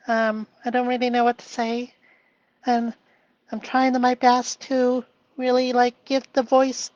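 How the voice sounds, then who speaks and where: A man voicing his own shy inner self in a halting, hesitant way, full of small pauses and fillers. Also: extremely high pitch, no room sound, highs cut off, pitched above the performer's own voice. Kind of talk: live-stream self-dialogue.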